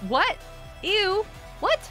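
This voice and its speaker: A woman hosting a casual gameplay live stream. She chats with viewers, greets them by name and breaks into excited outbursts. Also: very high-pitched, drawn-out words, faint music behind.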